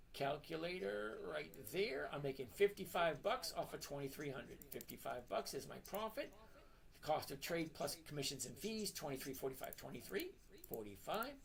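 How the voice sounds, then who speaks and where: A middle-aged man talks straight to his live-stream viewers in a blunt, emphatic way. He repeats key points and slows down on purpose so they sink in, like a lecture mixed with casual chat. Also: a little high, creaky. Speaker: trading live-stream host.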